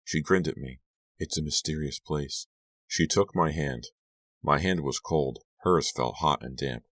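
A man narrating a scary audiobook in a measured, hushed storytelling manner, lifting his voice for the dialogue. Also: extremely low pitch, no room sound. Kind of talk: scripted narration.

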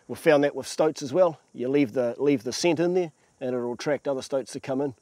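Out in the bush, a New Zealand predator trapper explains his work in a plain-spoken, practical way, calling people mate. His mid-range voice is dark-toned and a little fast, with no room sound.

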